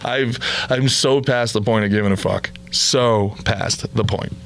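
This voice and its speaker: A man's voice: fairly low pitch, unhurried, creaky, a bit bright, slight background noise. A man, a podcast host and comedian, ranting bluntly and profanely in a comedic monologue.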